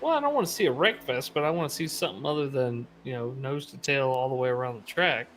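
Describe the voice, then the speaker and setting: A man calls a sim race with an animated, swinging pitch and a bright, forceful tone. He gets excitable when the action picks up, with faint noise behind him. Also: quick pace. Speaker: race commentator. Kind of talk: casual sim racing commentary.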